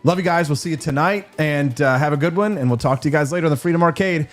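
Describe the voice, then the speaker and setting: A man hosting a casual talk show, chatting warmly with guests and plugging upcoming streams. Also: fairly high pitch, fast talker, hardly any pauses, soft background music. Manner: upbeat, friendly sign-off patter. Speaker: show host. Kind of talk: casual chat.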